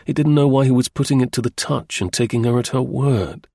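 Male audiobook narrator, husky and gravelly, measured literary delivery. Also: mid-range voice, a little mellow, no room sound, studio quality. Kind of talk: scripted narration.

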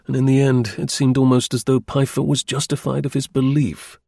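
A man narrating an audiobook in a measured, even storytelling manner. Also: medium pitch, gravelly, dry recording, studio quality.

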